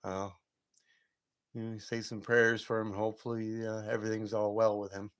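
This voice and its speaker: A man's voice: fairly low pitch, little pitch movement, moderate pace, smooth. Chatty man hosting a late-night stream. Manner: rambling and chatty, often chuckling. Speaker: live-stream host. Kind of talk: casual late-night live-stream chat with viewers. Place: at home.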